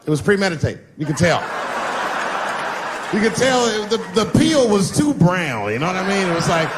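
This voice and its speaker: A man doing conversational stand-up on stage, relaxed and wry. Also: high-pitched, normal speed. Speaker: stand-up comedian. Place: comedy stage before a large audience. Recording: loud crowd and noise on a live recording.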